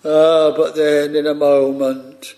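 Male preacher, slightly high voice, very slow measured sermon delivery. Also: flat delivery, warm tone. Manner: slow, measured preaching with archaic scripture phrasing.

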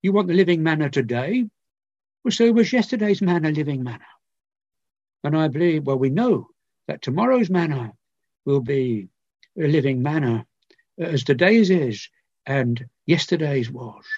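An older man preaching a sermon, earnest and pleading, with repeated phrases and long pauses. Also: on the high side, expressive, a little mellow, no room sound. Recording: dull lo-fi recording.

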